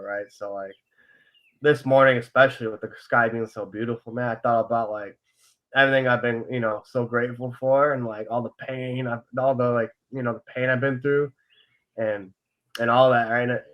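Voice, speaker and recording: In lo-fi audio, a young podcast co-host with a mid-range voice opens up sincerely about his emotions. He rambles, leans heavily on fillers, and curses without holding back.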